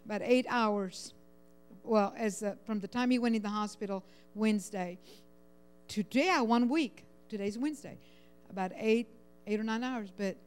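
Rozedrgana kobieta z południowym amerykańskim akcentem, bliska łez, z buczeniem sieci w tle. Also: female voice, on the high side, smooth. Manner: rambling, halting, many fillers and restarts. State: near tears, overwhelmed. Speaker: church member sharing a prayer request. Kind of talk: emotional personal testimony.

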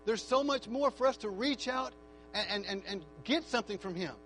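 A man preaching a sermon in a church, moving from quiet, reflective talk to a shouted, fervent altar call. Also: sits high, brisk, slight background noise, low-quality recording.

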